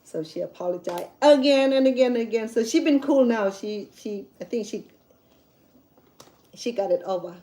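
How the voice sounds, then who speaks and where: Mellow-voiced woman telling a story. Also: a little high, normal speed, rough recording. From Cambodia. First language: Khmer. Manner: candid and chatty, with frequent restarts. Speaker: cooking channel host. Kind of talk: personal storytelling vlog.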